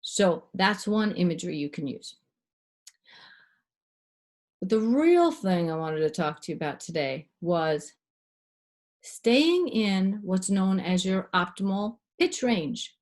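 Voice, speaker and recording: A middle-aged woman voice coach giving a clear, demonstrative lesson, shifting her pitch and loudness to show techniques. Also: very animated, measured pace. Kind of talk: instructional talk to camera.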